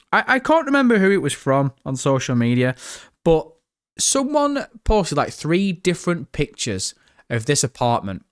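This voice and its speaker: A man's voice: on the high side, a bit bright. A young man hosting a live stream, chatting with his viewers and reacting to a trailer in a jokey, rambling way. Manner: chatty, jokey, talks to chat, breaks into laughter.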